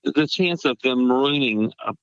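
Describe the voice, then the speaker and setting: A man's voice: mid-range voice, a little slow, fairly bright tone, clear, resonant tone, no echo. A man, a pastor, talking in casual chat in a reflective and agreeable way. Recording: slightly dull, dry audio.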